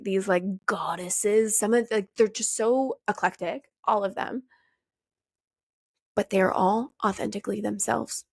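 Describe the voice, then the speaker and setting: A young woman hosting a podcast, talking casually and with energy, swearing freely and acting out her old questions in a higher voice. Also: no room sound, studio quality. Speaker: podcast host. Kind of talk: casual motivational monologue.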